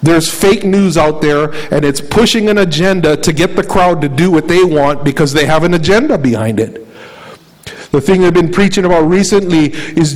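A man's voice: on the high side, poor audio. A male pastor preaching a sermon, retelling a story dramatically, acting out the characters' words and asking the congregation questions. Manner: dramatic retelling with quoted voices.

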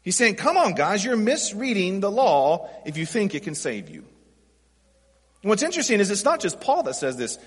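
High-voiced, husky pastor preaching in a hall. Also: male voice, huge pitch swings, normal speed. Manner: conversational preaching with acted quotes and rhetorical questions. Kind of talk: sermon.

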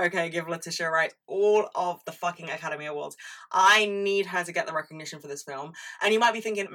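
Young woman vlogger, dramatic sweary chat, bright tone, slightly distant mic. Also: fairly low pitch, quick pace. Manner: chatty and dramatic, heavy swearing, frequent asides. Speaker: pop culture vlogger. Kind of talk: casual chat.

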